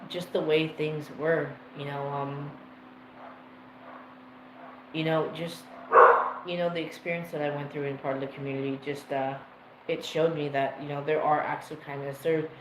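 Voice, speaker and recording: A man's voice: fairly high pitch, level tone, moderate pace. A man hosting a livestream, telling a personal story in a rambling, emotional way and swearing freely. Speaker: livestream host. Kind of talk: casual storytelling to a live chat. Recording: roomy echo with faint ambient noise.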